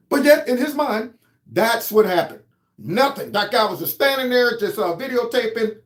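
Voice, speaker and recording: A man's voice: sits high, animated, fairly quick. A man hosting his own commentary show, talking in a heated, mocking, sarcastic way. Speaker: host. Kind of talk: political commentary. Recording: roomy echo.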